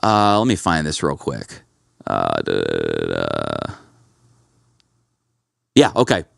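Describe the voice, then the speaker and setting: A man's voice: extremely low pitch, huge pitch swings, takes it slowly, gravelly, fairly bright tone, no room sound, studio quality. A man hosting a casual podcast, telling stories with lots of energy and calling his co-host bro and dude. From Kentucky.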